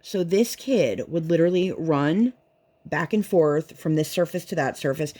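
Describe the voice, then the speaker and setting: A woman's voice: low-pitched, expressive, moderate pace, mellow. A woman vlogger and mother chatting casually while she works on a craft, rambling and leaning on "like" a lot. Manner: rambling, chatty, heavy use of "like".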